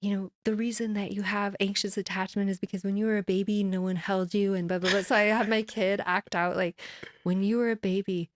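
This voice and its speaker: A woman's voice: mid-range voice, little pitch movement, brisk, few pauses, dry recording. A middle-aged woman in a casual interview, talking in a rambling, self-deprecating way and laughing often. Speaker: guest musician.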